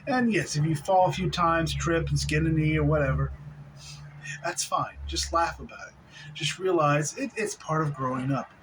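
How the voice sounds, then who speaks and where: A man giving a relaxed spiritual talk on video, laughing softly now and then and restarting his sentences. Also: fairly high pitch, moderate pace, background noise. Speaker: spiritual teacher.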